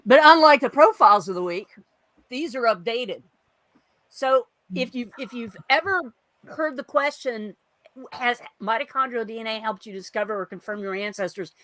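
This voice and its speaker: A woman co-hosts a livestream from a video call, chatting freely and running through viewer greetings with plenty of asides. Her voice is bright and sits a little high. The sound is dry, with no room around it. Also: moderate pace, no echo. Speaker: co-host of a genealogy livestream. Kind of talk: casual chat.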